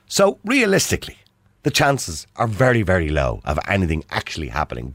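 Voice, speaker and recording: A man's voice: fairly low pitch, huge pitch swings, a little fast, dry recording. A middle-aged man with a Dublin accent hosting a call-in radio show, chatty and opinionated, laughing easily. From Dublin, Ireland. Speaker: radio talk show host. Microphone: studio microphone.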